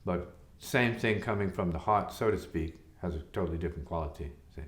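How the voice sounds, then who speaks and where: A male spiritual teacher speaks reflectively and rhetorically, often checking in with "see?" His voice is low and fairly quick, recorded in an echoey room.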